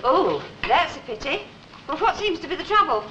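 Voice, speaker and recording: Kind soothing secretary, very high lively voice, old dull hissy tv sound. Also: female voice, moderate pace, reverberant. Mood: sympathetic. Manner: sweet, soothing and gently teasing. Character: kindly young office secretary. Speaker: Miss Sinclair, office secretary. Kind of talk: 1960s British sitcom acting.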